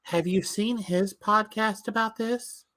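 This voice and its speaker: A man co-hosting a podcast, giving animated, opinionated wrestling takes and swearing freely. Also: high-pitched, takes it slowly, a little hiss or hum. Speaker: podcast co-host. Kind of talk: casual wrestling recap chat.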